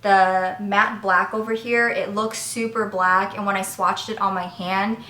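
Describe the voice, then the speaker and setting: A woman's voice: medium pitch, fairly even intonation, measured pace, pushed and bright, echoey room. A woman vlogger giving a candid makeup review and demo in a chatty, step-by-step way. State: voice cracking slightly. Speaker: beauty vlogger.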